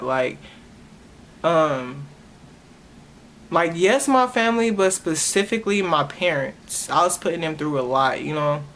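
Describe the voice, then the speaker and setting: A young woman hosts her own podcast, sharing a personal testimony earnestly and emotionally, often stopping and restarting her words. Her voice sits low, with a little hiss or hum in the recording.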